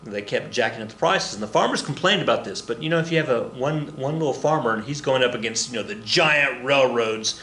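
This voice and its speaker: A man's voice: mid-range voice, animated, fairly quick, few pauses, sharp tone, roomy sound, a little hiss or hum. A man teaching a casual recorded history lesson, rambling and jokey, muttering to himself and acting out the people he quotes.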